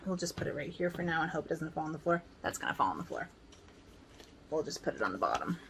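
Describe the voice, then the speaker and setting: A woman's voice: low voice, big pitch swings, fast talker, vocal fry, a bit bright, slight background noise. A woman in her forties, chatting casually and rambling a little as she shows her stitching books at home. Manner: chatty, upbeat, rambling with fillers. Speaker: cross-stitch vlogger. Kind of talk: casual chat.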